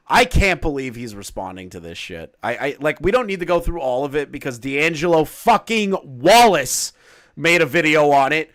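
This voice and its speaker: A man commenting casually on a live stream, swearing often, reading documents aloud and breaking into loud exclamations. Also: medium pitch, very animated, brisk, no echo, clean studio sound.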